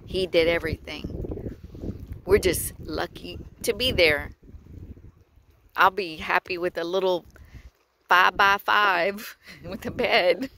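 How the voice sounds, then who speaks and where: A woman from Texas talking earnestly about her faith in a casual outdoor vlog, a little out of breath, with pauses and soft laughs. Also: fairly low pitch, a little hiss or hum, rough recording. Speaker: vlogger. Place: outdoors by the water at sunset.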